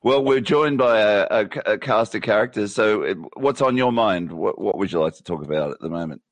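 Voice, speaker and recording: A man's voice: fairly low pitch, brisk. Laid-back man hosting a call-in. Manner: loose, laughing, stumbling restarts. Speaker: podcast host. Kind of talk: casual call-in chat.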